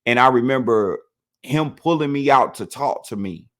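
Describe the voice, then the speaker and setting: A man telling his own prison story in a casual, animated way, dropping "man" after nearly every phrase. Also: medium pitch, moderate pace.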